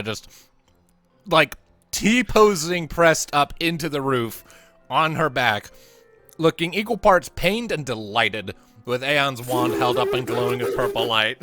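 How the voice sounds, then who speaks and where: A game master narrating and running a tabletop role-playing game, lively and prone to restarts. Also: medium pitch, no echo. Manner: animated, restarts often.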